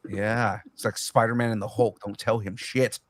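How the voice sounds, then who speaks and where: A man hosting a casual podcast chat and reading news items, animated and laughing, stumbling on fillers. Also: on the low side, normal speed, no room sound. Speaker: podcast host.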